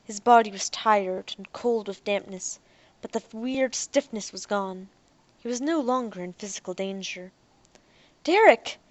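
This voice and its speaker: A woman narrates a science fiction audiobook in a steady, even voice. Her pitch sits in the middle of the range. The recording is close and dry. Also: moderate pace, dry recording.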